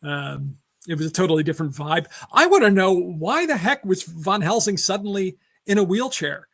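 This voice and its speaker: A man's voice: high-pitched, expressive, moderate pace, gravelly, fairly bright tone. A man hosting a casual film discussion, rambling through film trivia with many fillers and restarts. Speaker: podcast host.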